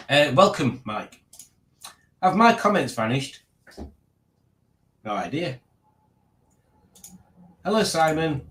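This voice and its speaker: A man hosting a casual livestream, rambling and reading out viewer comments. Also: medium pitch. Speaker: livestream host.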